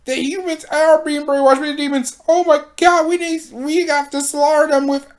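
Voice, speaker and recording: A shrill, fanatical queen calls for a massacre in a raised, preachy voice that climbs well above the speaker's usual pitch, as a woman puts her on. She sounds zealous, like she is giving a proclamation. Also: steady tone, moderate pace, lightly acted. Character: zealous female ruler urging slaughter.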